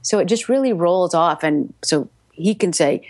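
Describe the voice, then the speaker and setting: Woman audiobook narrator, lower register, chatty and animated, dry studio sound. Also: normal speed, no room sound. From United States. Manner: chatty, animated storytelling with many restarts. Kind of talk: casual interview.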